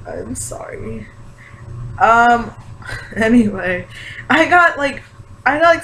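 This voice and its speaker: Bright, gushing young woman vlogger. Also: a little high, rough recording. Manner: gushing and excitable, many fillers. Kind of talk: casual reaction vlog. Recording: faint background hiss.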